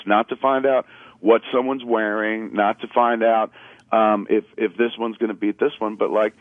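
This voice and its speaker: A man's voice: fairly low pitch, fairly quick, no room sound. Chatty man on a tinny phone line. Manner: rambling, animated storytelling with acted-out quotes. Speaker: caller. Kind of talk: casual radio chat. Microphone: phone call.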